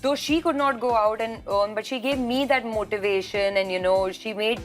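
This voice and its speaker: A woman guest speaks earnestly over a video call, her voice a little high for a woman. She reflects on her life with frequent restarts, and faint music sits beneath her. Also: moderate pace. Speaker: actress guest. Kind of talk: video-call interview answers.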